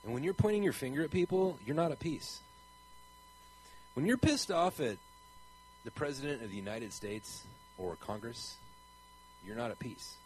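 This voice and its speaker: A man's voice: a little high, huge pitch swings, normal speed, pauses often, a little hiss or hum, rough recording. A man speaking in a conversational preaching style, earnest and rambling, asking his listeners pointed questions. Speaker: traveling Christian preacher.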